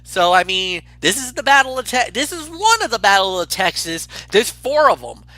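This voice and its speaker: A high-voiced man with a very bright, sharp tone talks football picks in an excitable, rambling way, often restarting his sentences. The sound is dry and close. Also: normal speed, no echo. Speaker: co-host picking games. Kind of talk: casual sports picks chat.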